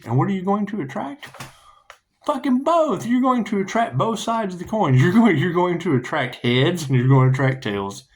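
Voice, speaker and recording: His voice is gravelly and fairly high, swinging widely in pitch at a normal speed. The tarot reader drifts through a loose spiritual talk, swearing, laughing, and humming to himself along the way.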